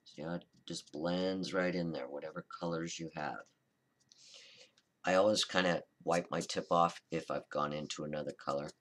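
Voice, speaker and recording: A man hosting a card-making tutorial, talking through a coloring demonstration in a relaxed, chatty, reassuring way and often correcting himself mid-sentence. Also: sits low. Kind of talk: casual step-by-step crafting demonstration.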